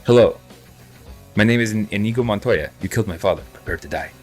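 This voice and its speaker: A proud swordsman voiced by a man declares himself formally and bent on revenge. His low voice carries over faint background music. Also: fast talker, lightly acted. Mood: vengeful.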